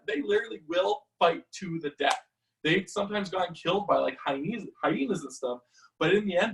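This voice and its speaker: A man teaching a live-streamed martial arts class, talking in a chatty, animated storytelling way with lots of fillers. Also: on the high side, recorded from a distance, rough recording.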